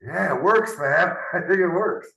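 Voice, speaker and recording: A man's voice: a little high, animated, unhurried, vocal fry, bright, forceful tone. Man working through math aloud, roomy. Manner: thinking aloud, trailing tag questions. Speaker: math tutor. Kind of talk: unscripted casual lesson. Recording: roomy, from off the mic.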